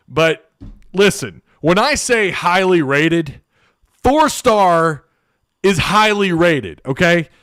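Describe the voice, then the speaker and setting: A man's voice: sits high, lively intonation, extremely slow, long pauses, fairly bright tone, dry recording, studio quality. A man hosting a casual sports live stream, reading out viewer comments, joking and laughing as he talks. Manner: laughing, joking, thinking aloud.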